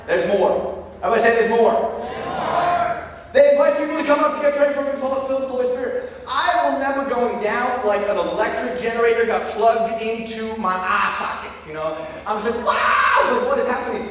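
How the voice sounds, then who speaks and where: A man preaching a sermon, telling stories with lively call-and-response to his congregation. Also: very high voice, moderate pace. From Lancaster County, Pennsylvania. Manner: energetic, storytelling with call-and-response. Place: large hall with audience. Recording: echoey hall recorded from far off.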